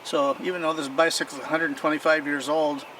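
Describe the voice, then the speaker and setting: A man's voice: a little high, level tone, fairly quick, pushed and bright. Regular guy chatting about his old stuff outside, rambly folksy storytelling, mic kinda far off. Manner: rambling, folksy, strings stories with "so anyway". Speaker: collector showing his bicycles. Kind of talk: casual show-and-tell storytelling. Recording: distant mic with clear outdoor noise.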